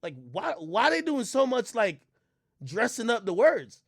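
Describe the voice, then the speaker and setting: Loud incredulous man ranting. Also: very high voice, very animated, measured pace, gravelly, slightly rough, dry recording, clean studio sound. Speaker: streamer reacting to a menu. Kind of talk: casual livestream commentary.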